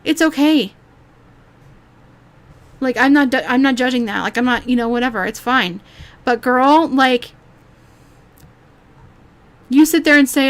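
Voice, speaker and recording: Speaking at a measured pace with frequent pauses, a woman with a fairly high voice rambles through an exasperated YouTube reaction. Her commentary is full of free swearing and sentences she abandons and starts over.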